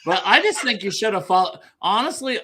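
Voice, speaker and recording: Loud, profane sports fan. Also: male voice, sits high, big pitch swings, a little fast, slight background noise. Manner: loud, profane trash talk. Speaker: podcast co-host. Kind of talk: casual sports chat.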